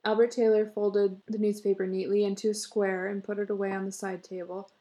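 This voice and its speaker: A woman reading a story aloud in a measured, expressive way. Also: medium pitch. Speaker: reader.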